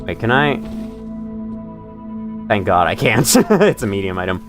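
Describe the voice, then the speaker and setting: A male streamer talks through his gameplay in a loose, chatty way, laughing easily and poking fun at himself. His voice swings widely up and down as he reacts. Quiet music plays faintly behind him. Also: fairly low pitch, very animated, unhurried. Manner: chatty, self-deprecating, laughs often. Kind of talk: live gameplay commentary.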